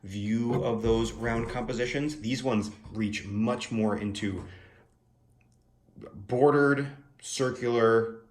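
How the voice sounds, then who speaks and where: A man's voice: fairly low pitch, fairly even intonation, slow pace, hardly any pauses, a little mellow, slight background noise. Musing young man reviewing a deck. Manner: musing, playful asides, frequent fillers. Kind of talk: casual spoken art review.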